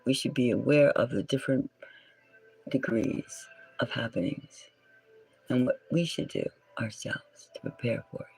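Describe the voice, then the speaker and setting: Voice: mid-range voice, measured pace, creaky, darkish tone, husky, faint music behind, low-quality recording. A tarot reader and channel host giving a solo reading in a musing way, often dropping into a whisper and stopping to correct words.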